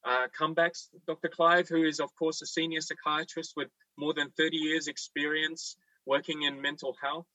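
An Australian man hosting a talk radio panel, with a bright, forceful voice. He is chatty and optimistic, and he pauses often with "um" and "you know" while he thinks aloud. He sits a little back from the microphone in a dry room. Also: fairly high pitch, little pitch movement, dry recording, distant mic, poor audio. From Victoria, Australia. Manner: chatty and upbeat, thinks aloud with many fillers. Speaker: radio host.

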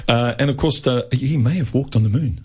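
Chatty husky Australian radio host. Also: male voice, mid-range voice, brisk, dark tone. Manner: chatty, joking, with fillers. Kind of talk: casual radio chat.

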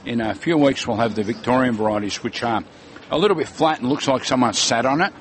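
A man's voice: medium pitch, a little fast, slight background noise. A man, a fruit seller talking casually and enthusiastically about produce at an outdoor market, with many fillers. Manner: enthusiastic, food-loving, hesitant fillers.

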